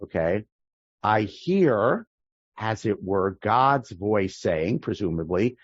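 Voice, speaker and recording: A man teaching a prayer-book class as a rabbi, explaining the text line by line in a thoughtful way, often pausing and restarting mid-sentence. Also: sits low, no echo, muffled recording. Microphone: video call.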